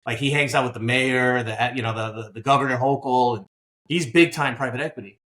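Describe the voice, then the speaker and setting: Speaking a little fast in a mid-range voice, this interview guest, a business buyer from Queens, New York, tells stories in a conversational setting. He's animated and performs the dialogue himself.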